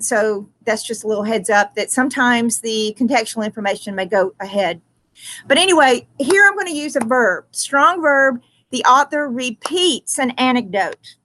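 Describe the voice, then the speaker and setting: A woman teacher giving a recorded writing lesson, thinking aloud with frequent ums and self-corrections, slowing down to stress key words. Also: a little high, fairly bright tone.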